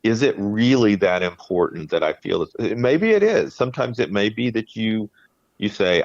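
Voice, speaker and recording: Earnest and reflective, a male podcast co-host chats casually, frequently starting his sentences over. His fairly low, gravelly voice is animated and moves at a normal speed. There's no room sound, and the lo-fi recording comes across dry and dull.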